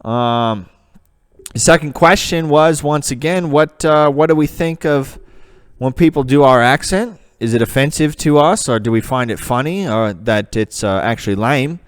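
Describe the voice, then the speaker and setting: A man's voice: medium pitch, moderate pace, clear, resonant tone, natural voice. A man voicing a rambling young man from the Australian outback with a put-on Australian accent, hesitant and full of fillers, in a comedy character vlog.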